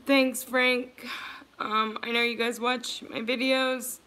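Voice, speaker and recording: A woman's voice: on the high side, little pitch movement, takes it slowly, bright, forceful tone. A woman hosting a livestream, speaking earnestly and emotionally to her viewers, repeating herself as she offers support. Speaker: livestream host.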